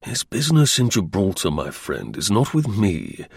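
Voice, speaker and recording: A man voicing a calm, shrewd British intelligence officer in an audiobook reading. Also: lowish voice, normal speed, gravelly, husky, no room sound, clean studio sound, heavily acted. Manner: imperturbable, dryly confident. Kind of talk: audiobook character voice.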